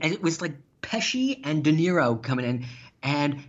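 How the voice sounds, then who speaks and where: A man telling stories in casual chat, animated and laughing, with some swearing. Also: a little high, brisk, husky. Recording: dull lo-fi sound.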